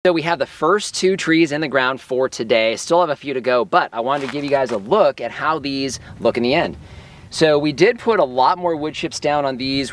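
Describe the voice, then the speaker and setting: Male farm vlogger, casual and chatty, mid-pitch, faint outdoor hiss. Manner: relaxed, explaining as he walks, frequent fillers. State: a little out of breath. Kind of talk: casual outdoor vlog narration.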